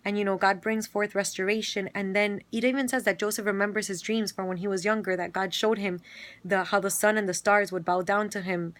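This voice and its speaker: A woman's voice: medium pitch, steady tone, fairly quick, a bit bright. Casual woman retelling a Bible story. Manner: casual, with fillers and quoted dialogue.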